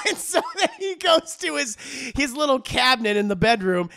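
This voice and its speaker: A man recaps a movie as an animated, profane storyteller. His voice is high and bright, with a gravelly fry. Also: normal speed. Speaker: movie reviewer.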